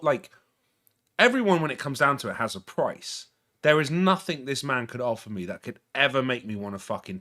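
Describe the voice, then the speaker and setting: A man's voice: medium pitch, sharp tone. A man in casual chat, ranting heatedly, stammering and swearing.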